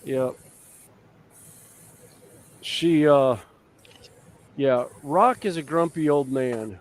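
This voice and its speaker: A man's voice: mid-range voice, drawn-out words, a little hiss or hum. Man, stream host, easygoing rambling talker, mid-range voice. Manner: rambling, filler-heavy storytelling. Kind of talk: casual chat.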